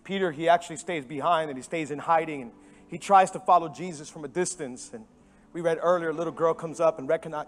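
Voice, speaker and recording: High-voiced, animated man preaching a sermon. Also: fast talker. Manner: animated storytelling with sudden drops to hushed tones; emphatic and repetitive for stress. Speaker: pastor. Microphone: microphone.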